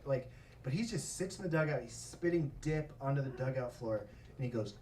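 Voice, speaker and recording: A man telling a stand-up story on a comedy club stage, profane and animated, often breaking into laughter. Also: on the high side, a little fast, recorded from a distance, a little hiss or hum. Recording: echoey club miked from afar. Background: audience laughter.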